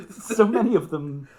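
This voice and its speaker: A young man telling a story as a podcast guest, excitable, swearing and laughing as he talks. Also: high voice. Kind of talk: casual storytelling.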